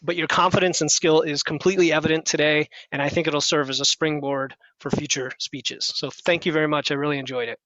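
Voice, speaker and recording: Man, club speech evaluator, encouraging and organized, raised pitch, dry lo-fi call audio. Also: little pitch movement, a little fast, hardly any pauses, fairly bright tone, no echo. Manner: encouraging, structured feedback. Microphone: headset on a video call.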